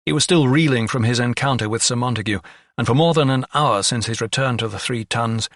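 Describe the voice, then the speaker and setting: A man reading an audiobook in a measured storytelling manner. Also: medium pitch, a bit bright, dry recording, studio quality. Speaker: audiobook narrator. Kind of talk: scripted narration.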